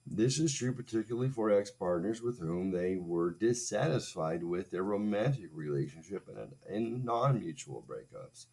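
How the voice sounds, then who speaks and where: A man's voice: on the low side, animated, normal speed, gravelly, few pauses, a little mellow. A man in his forties, hosting a livestream, telling a crude comic story in a sarcastic, rambling way with self-mocking asides. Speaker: streamer host.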